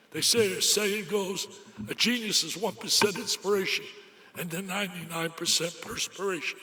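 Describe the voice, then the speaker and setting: Emphatic older man with a high, bright voice. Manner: emphatic, exclamatory. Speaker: after-dinner speaker. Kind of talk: motivational speech. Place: banquet hall. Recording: echoey hall.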